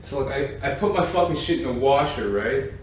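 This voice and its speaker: A man's voice: medium pitch, lively intonation, fairly quick. A man telling a rambling, profane comic story, recorded at a distance in an echoey room with faint noise. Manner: profane, rambling, keeps saying "ladies and gentlemen". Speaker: comedian. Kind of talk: rambling stand-up rant.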